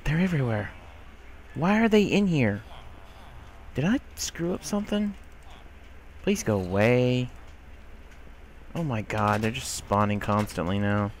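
Animated yet unhurried, a man narrates his own gameplay in a medium-pitched voice, leaving long pauses, with slight background noise present. It's laid-back let's-play commentary in which he grumbles, talks to the game's characters, scolds them in exasperation, and swears a bit.

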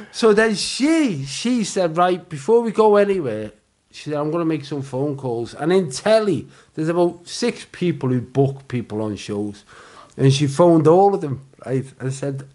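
A man in his forties with a Liverpool accent, a comedian telling animated anecdotes in a casual podcast chat, acting out the other people's voices and swearing freely. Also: mid-range voice. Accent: Liverpool (Scouse). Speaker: comedian guest.

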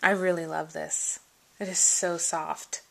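A woman vlogger chatting casually through an unboxing, gushing, her voice jumping high when something delights her. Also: flat delivery, slow, vocal fry, sharp tone. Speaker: vlogger showing a gift package.

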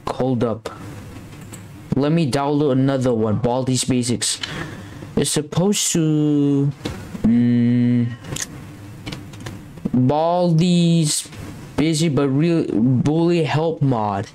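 A man's voice: medium pitch, very slow, pauses often, mellow. A man talking over a horror game, jittery and scared, rambling and repeating himself. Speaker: gameplay commentator. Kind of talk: gameplay commentary. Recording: noisy background.

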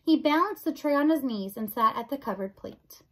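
A woman reading a children's novel aloud in an expressive storybook narration. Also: high voice, normal speed, rough recording. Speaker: audiobook reader.

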